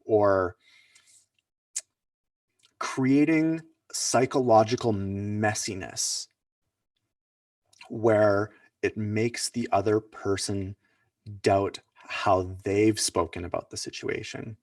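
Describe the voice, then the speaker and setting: Low-voiced man teaching casually, off-mic. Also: drawn-out words, pauses often, a little mellow, no room sound, clean studio sound, far from the mic. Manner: loose and conversational, many "like" fillers and restarts. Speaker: workshop presenter. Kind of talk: casual online teaching talk.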